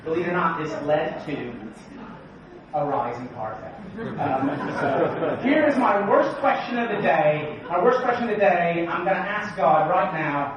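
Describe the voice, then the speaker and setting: An energetic man gives a keynote at a conference, joking and firing questions at the crowd. His voice sits a little high for a man and reaches the mic from a distance. The sound is dull and rings through a big, echoey hall. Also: a little slow, background noise. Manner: joking, energetic, quizzes the audience. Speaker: conference speaker. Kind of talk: keynote talk.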